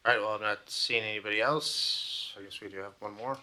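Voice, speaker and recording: A man chairs a public hearing from the dais microphone of a city council chamber. His voice sits very low yet sounds bright and forward, and his tone is calm, polite and procedural. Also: fairly quick. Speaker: meeting chair.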